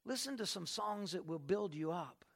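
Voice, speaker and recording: Emphatic preaching man with a gravelly voice. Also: sits high, animated, normal speed. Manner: emphatic, rising to loud bursts, acts out quoted people. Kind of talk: sermon.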